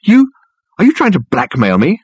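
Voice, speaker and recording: A man voicing a startled, bewildered young man caught burgling, who asks questions in a high, tense way. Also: wildly swooping pitch, moderate pace, a little mellow, slightly rough, no echo, studio quality, exaggerated voice. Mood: alarmed.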